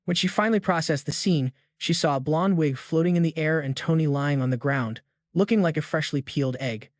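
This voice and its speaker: A man tells a comic recap in a brisk, slangy way. His voice sits a touch higher than most men's, recorded close and dry with no room sound. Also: no echo. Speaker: recap narrator. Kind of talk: scripted recap narration.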